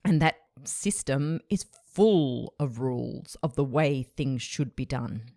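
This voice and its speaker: A woman with a low voice hosts her own podcast, talking casually and thoughtfully and laughing lightly now and then. The sound is dry and close, with no room echo. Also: expressive, takes it slowly, dark tone. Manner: chatty and reflective, with frequent light laughs. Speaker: podcast host. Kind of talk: casual solo podcast chat.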